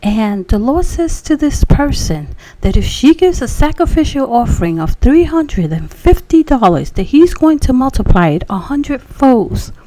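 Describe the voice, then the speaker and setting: A fiery male revival preacher, loud and insistent, calling out a message from the front, as a woman quotes him. His voice sits high, warm and mellow in tone. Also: sing-song, unhurried, few pauses, low-quality recording. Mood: proclaiming.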